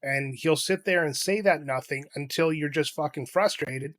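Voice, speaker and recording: A man's voice: on the high side, normal speed, a bit bright. Blunt, profane man in casual chat. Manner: blunt, profane, exasperated rants. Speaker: podcast co-host.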